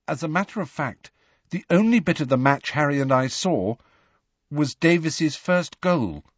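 A man's voice: on the high side, lively intonation, a little slow, no echo, lo-fi sound, voice pushed up. A man reading an audiobook voices a studious, bossy teenage girl, speaking firmly and a little exasperated. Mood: apologetic. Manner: firm, slightly exasperated.

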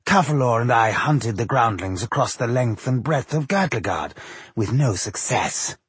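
A man's voice: mid-range voice, expressive, slightly rough, dry recording. A man doing a cold, malicious elf warrior. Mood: coldly mocking. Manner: slow, soft and menacing.

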